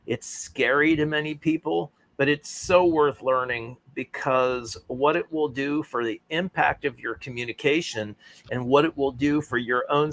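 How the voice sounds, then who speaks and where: A man's voice: mid-range voice, fairly bright tone. A man who writes and coaches speakers, answering interview questions in an articulate, rhythmic, emphatic way. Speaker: guest, author and speaking coach.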